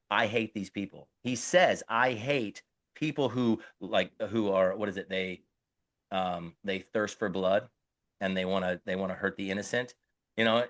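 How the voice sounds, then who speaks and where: A man's voice: on the low side, fairly bright tone, dry recording, studio quality. A middle-aged man co-hosting a podcast, talking earnestly and often restarting while he searches for words. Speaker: podcast co-host. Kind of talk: casual podcast conversation.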